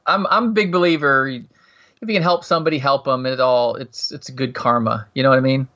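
A man chatting casually and telling long stories, full of restarts, acting out quotes in a higher voice. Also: a little fast, sharp tone. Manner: rambling storyteller, acts out quotes in a higher voice. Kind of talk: casual chat. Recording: muffled, lo-fi sound.

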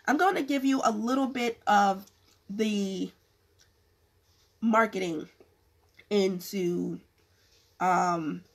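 A woman's voice: medium pitch, gravelly, slightly rough. A woman losing her voice, talking frankly to camera about business, rambling with many restarts. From California. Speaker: vlogger giving business advice. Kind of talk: casual talk to camera.

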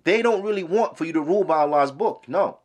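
A man's voice: fairly high pitch, expressive, quick pace. A man teaching a religious lesson who asks rhetorical questions, quotes Arabic and then translates it. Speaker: Islamic teacher. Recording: podcast lesson recording.

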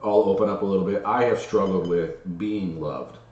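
Low-voiced man telling a story in a roomy space. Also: normal speed, far from the mic, muffled recording. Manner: candid, animated storytelling with many restarts. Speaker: podcast co-host. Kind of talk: casual chat.

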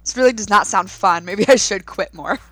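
A woman in her thirties, a podcast co-host, chatting casually and telling stories with lively laughs. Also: medium pitch, brisk, soft background music. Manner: animated storytelling with laughs. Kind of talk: casual chat.

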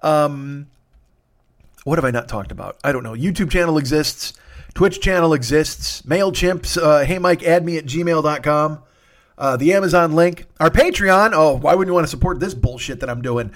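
A fairly high-voiced man rambles through a solo comedy podcast monologue, worn out, yawning and sniffly. He swears freely and pokes fun at himself as he drifts from one plug to the next. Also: moderate pace. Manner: rambling and profane, self-mocking.

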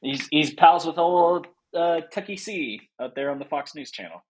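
A man's voice: fairly high pitch, lively intonation, normal speed, slight background noise. A man co-hosting a podcast in casual chat, jokey and teasing, laughing easily. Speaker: podcast co-host.

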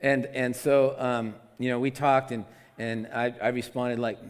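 A man's voice: medium pitch, level tone, measured pace. A man giving an earnest, conversational devotional talk as a preacher, often restarting his sentences. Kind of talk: devotional teaching. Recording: long hall reverb.

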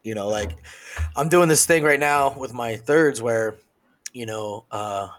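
A man co-hosting a podcast in loose, casual chat. He rambles, swears freely and sometimes trails off before finishing a thought. His voice sits at an ordinary middle pitch. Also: a little slow. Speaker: podcast co-host.

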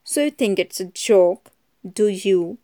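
A woman voicing a calm, shrewd older male judge who murmurs quietly, in a storybook reading. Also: mid-range voice, unhurried, natural voice. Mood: dry.

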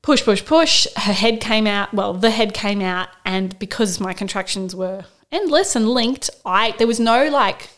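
A woman's voice: medium pitch, measured pace, few pauses, a bit bright. A woman in her thirties, a podcast co-host, candidly telling her birth story in casual chat and quoting herself with bursts of emotion.

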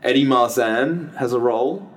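A man's voice: medium pitch, normal speed. A man co-hosting a podcast, chatting casually about a film and rambling with many restarts and self-corrections. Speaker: podcast co-host. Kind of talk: casual film review chat.

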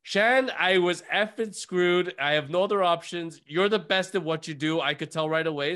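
A man hosting a podcast, telling a story in a lively way and acting out the people in it. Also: high voice, moderate pace, hardly any pauses, clear, resonant tone. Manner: animated, acts out voices in his stories. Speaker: podcast host. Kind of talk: storytelling chat.

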